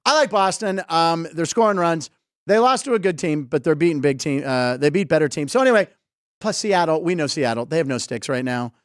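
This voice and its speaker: A man's voice: a little high, clean tone, no room sound, clean studio sound. A man hosting a comedy sports betting show, chatting casually and joking around. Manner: jokey, quick to laugh. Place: casino studio.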